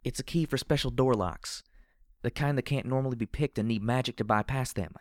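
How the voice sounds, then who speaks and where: A man's voice: medium pitch, brisk, no room sound, clean studio sound, voice pushed up, close to an everyday voice. A man voicing a nervous young female pegasus pony in a storybook reading, speaking in a raised, anxious voice.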